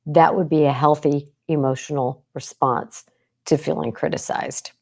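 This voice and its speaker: A woman's voice: sits low, steady tone, moderate pace, gravelly, a little mellow. A woman psychologist hosting a podcast, talking casually and intensely, checking in with "right?" and acting out quoted lines of speech. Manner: intense, emphatic, with frequent "right?" check-ins. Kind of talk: casual talk.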